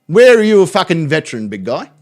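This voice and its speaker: A man's voice: a little high, sing-song, quick pace, darkish tone. An Australian man hosting a show, mocking clips in crude, constantly swearing reaction commentary.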